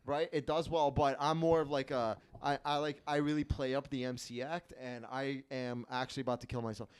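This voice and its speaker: Halting, self-mocking young male comic. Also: mid-range voice, level tone, smooth. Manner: self-deprecating, halting with many restarts. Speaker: podcast host and comedian. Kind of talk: casual comedic chat.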